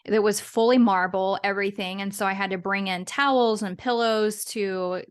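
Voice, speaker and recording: A woman's voice: mid-range voice, steady tone, normal speed, smooth. Chatty woman guest, rambling. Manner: chatty, rambling with restarts and laughs. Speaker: guest, business owner and podcaster. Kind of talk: casual interview chat.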